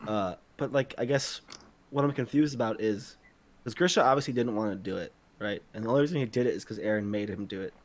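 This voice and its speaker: A man co-hosting a casual podcast, thinking out loud in a rambling way, swearing freely and speeding up when he gets excited. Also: lowish voice, fast talker. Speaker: podcast co-host. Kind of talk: casual chat among friends.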